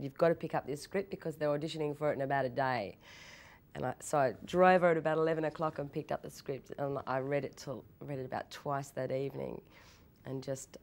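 A young woman in an interview, telling anecdotes in a lively way, laughing often and restarting her sentences. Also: low voice. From Australia. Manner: animated storytelling, laughs often, quick repeated restarts. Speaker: actress interviewee.

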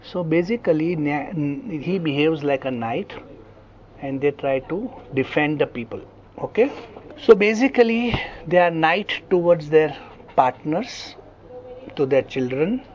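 A man's voice: fairly high pitch, measured pace, dull audio, a little hiss or hum. A man with an Indian English accent giving a classroom lecture, telling vivid stories and often checking that students follow. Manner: animated storytelling, frequent check-ins with students. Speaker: homeopathy lecturer.

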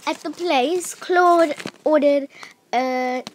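A woman's voice: high voice, very slow, a little hiss or hum. A woman vlogger walking viewers through her drawings in casual, rambling storytelling with many fillers. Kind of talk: casual show-and-tell narration.

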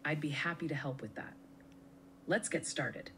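Brief: mid-pitched synthetic assistant, friendly and helpful, faint noise behind. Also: normal speed, a bit bright. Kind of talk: conversational AI assistant replies.

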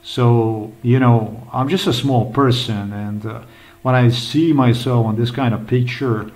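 Man, middle-pitched, agitated rambling vlog commentary with frequent swearing. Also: fairly even intonation, measured pace, a little mellow, low-quality recording. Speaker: vlogger. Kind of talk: rambling screen-recorded commentary.

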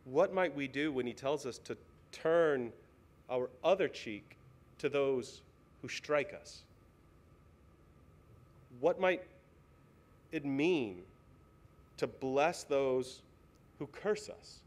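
A man's voice: medium pitch, takes it slowly, pauses often. A male pastor preaching a sermon in a church, earnest and pleading, asking the congregation many questions. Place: church sanctuary.

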